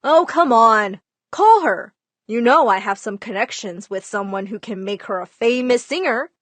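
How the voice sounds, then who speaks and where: A woman voicing an excited, insistent man who is a friend of the father. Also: a little high, moderate pace, no echo. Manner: eager, insistent.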